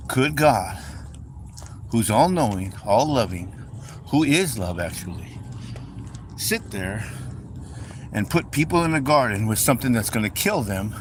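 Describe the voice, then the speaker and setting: A man giving an informal, conversational sermon, repeating phrases and speaking straight to his listeners as folks. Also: mid-range voice. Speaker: preacher. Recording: steady background noise.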